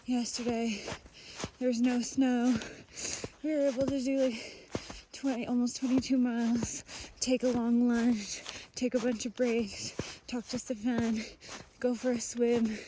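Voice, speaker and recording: A woman's voice: fairly high pitch, little pitch movement, a little slow. Frustrated woman venting on a mountain trail. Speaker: long-distance hiker vlogging. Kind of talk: candid vlog to camera. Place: outdoors on a mountain trail and campsite. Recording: outdoor noise behind the voice.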